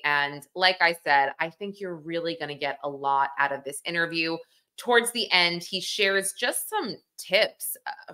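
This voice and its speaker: A woman's voice: lowish voice, bright, forceful tone. A woman hosting a true-crime podcast, talking in a chatty, enthusiastic way with plenty of fillers. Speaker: podcast host. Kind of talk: casual interview.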